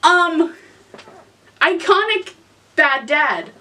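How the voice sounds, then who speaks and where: Young woman host, exasperated casual rant, high and lively, recorded from a distance. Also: extremely slow. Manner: animated, exasperated, swears freely. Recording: voice from some distance to the mic.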